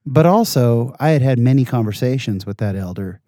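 A man in casual conversation as a guest, telling animated, self-deprecating anecdotes. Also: mid-range voice, a little fast, no echo, studio quality.

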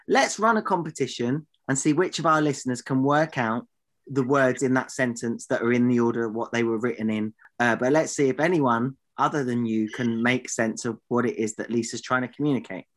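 A man's voice: mid-range voice, brisk. A man co-hosting a podcast in casual banter, teasing his partner in mock exasperation. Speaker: podcast co-host.

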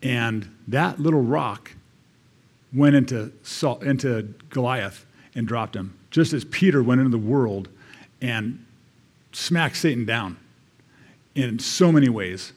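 American male church elder, mid-pitched, folksy sermon delivery with scripture readings. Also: slow, long pauses, husky. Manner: conversational, reading scripture aloud with asides.

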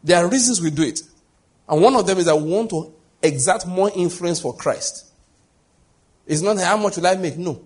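Husky-voiced man preaching a sermon. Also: high voice, animated, moderate pace, pauses often, a little mellow. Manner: conversational preaching, rhetorical questions. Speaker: pastor.

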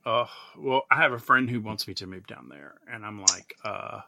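A podcast host with a lowish, gravelly voice chats casually at a moderate pace, with no room sound in the recording. He gushes as an animated storyteller, acting out what people said.

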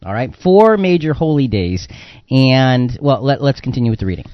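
A man's voice: mid-range voice, lively intonation, normal speed, no room sound, lo-fi sound. A man hosting a Christian radio talk program in casual chat, rambling and repeating words with many fillers. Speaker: radio talk show host.

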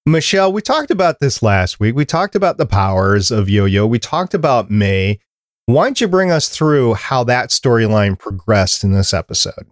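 A man's voice: medium pitch, sing-song, moderate pace, dry recording. Man host, easygoing hedging chat, dry close mic. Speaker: podcast host. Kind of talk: casual chat.

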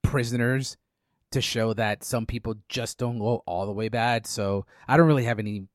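A man leads a relaxed movie discussion, handing the turn to others and chiming in. His voice sits at a middling pitch and sounds close and dry. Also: moderate pace, no room sound. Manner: runs the segments, calls on others. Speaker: podcast host.

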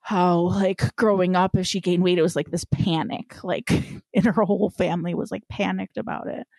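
A woman's voice: on the low side, fairly even intonation, moderate pace, creaky, a little mellow, no echo, clean studio sound. A woman co-hosting a podcast in casual chat, chatty, laughing often and drifting into asides. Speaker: podcast co-host.

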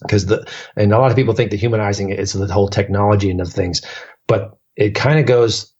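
Low, husky male guest; rambling storyteller, dull lo-fi podcast sound. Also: steady tone, fast, darkish tone. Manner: rambling, restarts often, lots of fillers. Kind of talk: casual storytelling chat.

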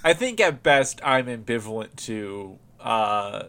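A man's voice: mid-range voice, lively intonation, slow pace, fairly bright tone. Male podcast co-host, easygoing rambling delivery with frequent laughter, middle-range voice. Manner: rambling, laughs often, many restarts. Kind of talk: casual chat.

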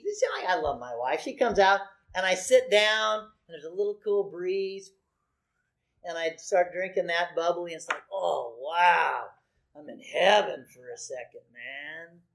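Animated preaching man in his sixties. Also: high-pitched. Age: 60s. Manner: animated, conversational preaching with asides to the congregation. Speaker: pastor. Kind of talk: sermon.

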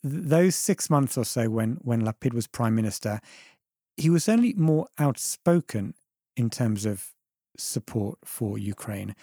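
Husky, mellow-voiced male panelist. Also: mid-range voice, lively intonation, unhurried, no echo, studio quality. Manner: thoughtful, with frequent restarts. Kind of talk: debate argument.

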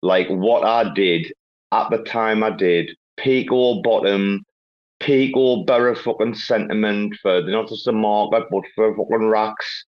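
A man's voice: lowish voice, steady tone, measured pace. A man hosting a casual online chat, rambling and swearing through banter. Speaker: host. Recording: dull lo-fi online audio.

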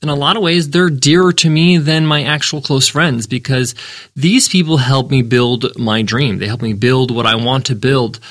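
A man's voice: mid-range voice, steady tone, normal speed, a bit bright, dry recording. Earnest male podcast host, dry close mic. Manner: earnest, emphatic, repeats words for stress. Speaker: podcast host and business founder. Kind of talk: solo podcast answering a listener question.

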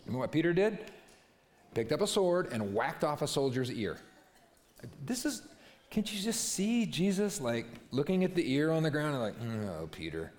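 A man preaching a sermon, telling stories in a lively way and acting out short bits of dialogue. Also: fairly high pitch, normal speed. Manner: animated storytelling, acting out voices and asides. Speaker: pastor. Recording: reverberant hall.

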